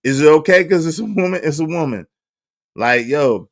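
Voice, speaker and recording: Exasperated high-voiced man ranting. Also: sing-song, moderate pace. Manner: exasperated, mocks critics in put-on voices; repeats phrases for emphasis, laughs between lines. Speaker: commentary channel host. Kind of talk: ranting commentary to a live chat.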